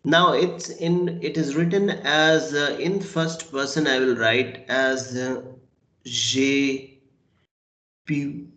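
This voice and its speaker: Slow, patient teacher, roomy sound. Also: male voice, medium pitch, fairly even intonation, fairly bright tone. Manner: patient, repeats and spells out words slowly. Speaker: French teacher. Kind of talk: online language class. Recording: roomy echo.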